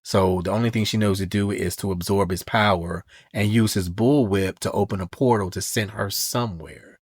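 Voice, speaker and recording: Low-voiced man recapping comics, dry sound. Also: fairly even intonation, moderate pace, breathy edge, no echo. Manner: storytelling, acts out characters' lines in quotes. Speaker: podcast host.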